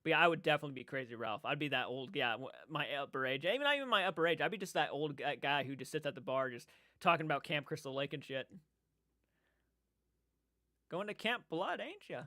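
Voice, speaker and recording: A man hosting a casual livestream chat. He is rambling and excitable and often restarts his sentences. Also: on the high side, fast talker, dry recording, studio quality. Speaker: livestream host. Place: indoor room.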